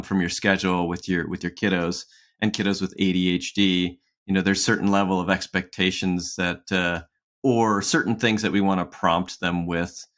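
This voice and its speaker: Rambling man chatting on a podcast. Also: sits low. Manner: rambling, with frequent restarts and soft laughs. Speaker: podcast co-host. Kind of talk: casual conversational podcast chat.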